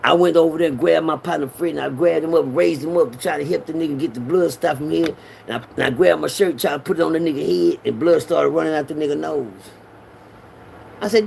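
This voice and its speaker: High gravelly storytelling man. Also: quick pace, slight background noise. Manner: animated, acts out quotes with raised pitch. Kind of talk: casual street storytelling.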